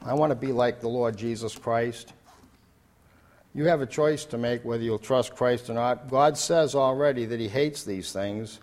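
A man's voice: mid-range voice, moderate pace, a little mellow. An older man preaching a sermon in an earnest, repetitive way, building to emphatic declarations.

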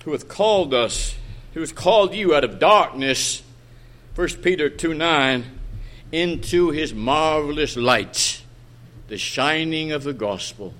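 A man's voice: medium pitch, fairly bright tone. A middle-aged man preaching a sermon in a church meeting room, fervent and pleading, his voice swelling and dropping.

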